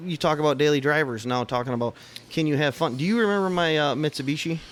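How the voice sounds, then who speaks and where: A man's voice: fairly high pitch, quick pace, a bit bright. A man from Michigan with a Michigan accent, co-hosting a casual car podcast in a laid-back way with dry humor. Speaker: podcast co-host. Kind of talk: casual chat.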